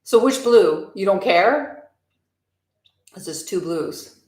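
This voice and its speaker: A chatty woman streaming from a room at home, her voice carrying a roomy echo. She talks candidly and replies to viewers in a loose, conversational way, at a middle pitch for a woman. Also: expressive, slow pace, darkish tone. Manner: candid, chatty, reads and answers viewer comments. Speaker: live streamer. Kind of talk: casual live-stream chat.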